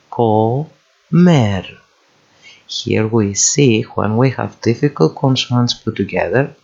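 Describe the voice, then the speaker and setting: A man's voice: mid-range voice, gravelly, darkish tone, husky. A man teaching reading as a language tutor, patiently repeating each word and syllable for the listener to copy. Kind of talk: slow instructional voice-over. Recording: dull lo-fi voice-over.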